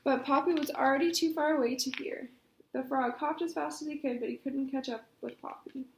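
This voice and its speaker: High-voiced woman reading a storybook. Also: a little fast, a little hiss or hum. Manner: expressive, animated. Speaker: storytime reader. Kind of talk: reading a children's storybook aloud. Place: library. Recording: echoey room.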